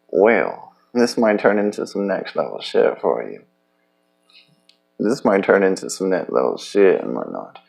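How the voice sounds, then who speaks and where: Gravelly-voiced man rambling, profane. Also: fairly low pitch. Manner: loose, profane, halting with many restarts. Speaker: vlogger. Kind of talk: rambling personal monologue.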